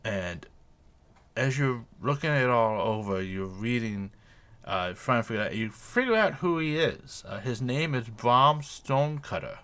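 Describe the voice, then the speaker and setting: A man runs a tabletop session, describing scenes in a loose, meandering way. His voice is bright and his narration is casual and unpolished. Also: medium pitch, lively intonation, measured pace. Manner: loose, searching, many fillers and restarts. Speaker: game master.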